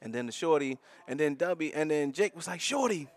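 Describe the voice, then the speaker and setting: A man from North Philadelphia with a Philadelphia accent, co-hosting a podcast and telling stories in an animated way, laughing and full of slang. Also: a little high, fairly quick. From North Philadelphia, USA. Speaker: podcast co-host. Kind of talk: casual storytelling chat.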